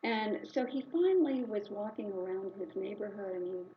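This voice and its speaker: A woman telling a story during a spiritual service in an animated, conversational way. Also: medium pitch, moderate pace. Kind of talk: sermon storytelling. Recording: slightly dull recording with faint hiss.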